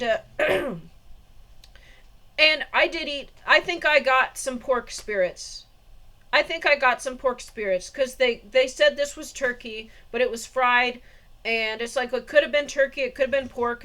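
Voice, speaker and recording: High-voiced woman rambling through a story. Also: pushed and bright. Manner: rambling, meandering, laughs often. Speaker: vlogger. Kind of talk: casual storytelling monologue.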